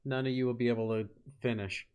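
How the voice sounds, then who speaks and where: A man hosting a casual talk show, asking questions and tossing in quick jokes. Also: mid-range voice, steady tone, a little mellow, smooth. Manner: joking, quick quips. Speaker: host. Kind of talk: casual chat.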